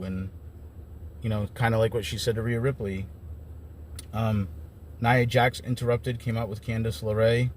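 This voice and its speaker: A man's voice: on the low side, little pitch movement, moderate pace, pauses often, a little mellow, slight background noise. A man giving a casual, rambling recap of wrestling shows as an enthusiastic fan. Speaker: wrestling commentator.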